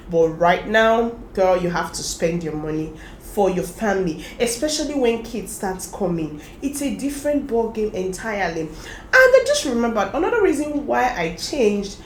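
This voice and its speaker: A woman's voice: medium pitch, normal speed, slight background noise. Chatty woman vlogging in an echoey room. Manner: chatty, advising viewers directly, animated laughter. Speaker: lifestyle vlogger. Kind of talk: casual talk to camera.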